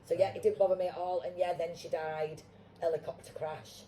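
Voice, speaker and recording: A woman's voice: on the low side, little pitch movement, fairly quick, mellow, slight background noise, low-quality recording. A middle-aged woman with a Yorkshire accent, a guest actor telling stories in a casual chat, blunt and swearing freely.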